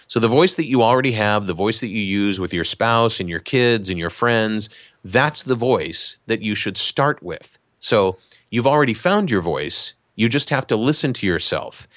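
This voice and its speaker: A man, an actor and voice talent, explaining in a relaxed, conversational way during a podcast interview. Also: lowish voice, no echo, clean studio sound. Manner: relaxed, explanatory, animated asides.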